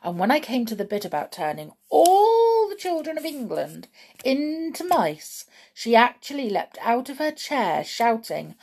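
A woman reads a children's book aloud, telling the story at a steady pace. Her voice has a gravelly edge, and she lifts it to bring out the exciting moments. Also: a little high, measured pace.

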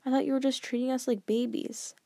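A woman voicing a cheeky, defiant young boy who blurts things out and argues eagerly, pitched higher than her narration. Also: level tone, brisk, warm tone, no room sound.

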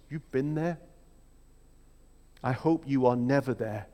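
A man preaching a sermon in a reflective, measured way, with emphatic rhetorical questions. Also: mid-range voice, warm tone. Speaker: pastor. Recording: long hall reverb.

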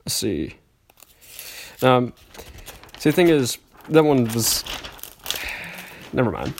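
A man's voice: mid-range voice, very animated, takes it slowly, slight background noise. Rambling self-mocking young man. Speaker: podcast host. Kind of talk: reading old school journal entries aloud with commentary.

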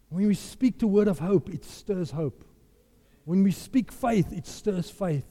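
A man's voice: high-pitched, expressive, measured pace, mellow. A man preaching a sermon, emphatic and impassioned, repeating his phrases for effect. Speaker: pastor. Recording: long hall reverb.

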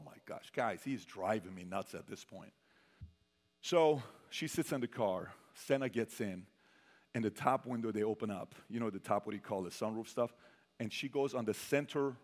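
A sales trainer with a medium-pitched voice talks a little fast while giving a motivational stage speech to a sales audience. The hall is reverberant, and he tells his stories animatedly, acting out the figures in them.

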